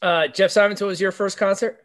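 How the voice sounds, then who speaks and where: A man's voice: high-pitched, fairly even intonation, a little fast, a bit bright. A man hosting a podcast, upbeat, moving the talk along with questions. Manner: upbeat, prompting others with questions. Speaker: podcast host. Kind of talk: casual chat.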